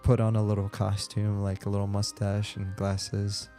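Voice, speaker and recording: A man with a low, gravelly voice talks in a relaxed, meandering way as he plays, filling pauses with ums and likes. His tone is mellow and fairly flat. Soft fantasy game music plays faintly behind him. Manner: relaxed, rambling, many fillers. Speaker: game streamer. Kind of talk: casual gameplay chat.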